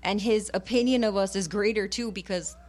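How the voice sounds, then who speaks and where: A woman's voice: medium pitch, steady tone, brisk, a little mellow. A woman preaching on a radio program, fervent and conversational, switching between English and Spanish to encourage listeners.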